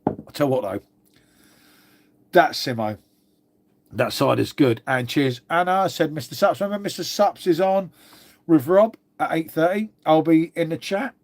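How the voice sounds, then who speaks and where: A man from Old Windsor in Berkshire, sounding blocked up with a cold, talks a little slowly and pauses often in a fairly high voice. He runs a relaxed livestream, going through comments, swearing without restraint, and calling everyone mate in his London-area English accent.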